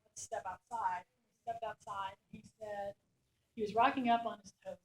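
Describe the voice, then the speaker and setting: A middle-aged woman, a war reporter, telling lively anecdotes to a class and acting out the soldiers' lines. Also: medium pitch, normal speed. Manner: animated anecdote-telling, acts out quoted soldiers. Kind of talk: storytelling talk. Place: lecture room. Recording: echoey room.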